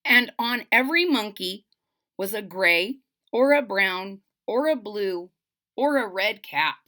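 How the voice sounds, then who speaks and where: A woman reading a children's storybook aloud, playful and expressive, with chatty asides to young listeners. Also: medium pitch, slow pace. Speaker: storybook reader.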